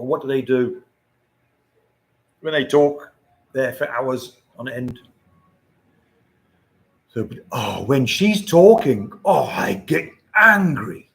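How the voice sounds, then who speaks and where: An older man hosting a casual livestream, chatting to viewers in a rambling way and chuckling often. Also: mid-range voice. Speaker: livestream host. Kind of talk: casual live-stream chat.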